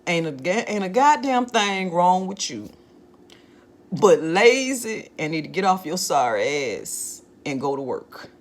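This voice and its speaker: A woman voicing her stern churchgoing mother, who bluntly scolds her grown daughter in a low voice.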